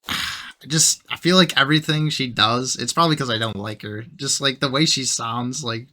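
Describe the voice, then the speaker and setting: A man's voice: medium pitch, measured pace, sharp tone. A man hosting a reaction show, commenting bluntly and mockingly on a debate clip and swearing freely.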